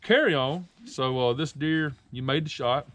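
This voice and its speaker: A chatty man runs a relaxed interview, tossing in jokes and sarcastic asides. His voice sits at an ordinary pitch and sounds dry and close, with almost no room around it. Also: measured pace, dry recording. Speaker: outdoors show host. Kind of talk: casual interview.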